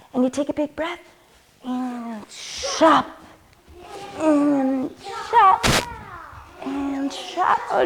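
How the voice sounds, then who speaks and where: A woman leading a children's yoga class in a studio, gentle and encouraging. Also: sits high, noisy background. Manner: gentle, encouraging, playful with animal sounds.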